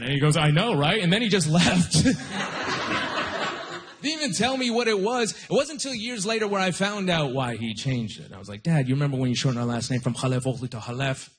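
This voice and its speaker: A man's voice: a little high, animated, a little fast. A young man from Nova Scotia doing a stand-up comedy set, casual and chatty, often laughing at his own jokes. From Canada, Nova Scotia. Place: comedy stage with live audience.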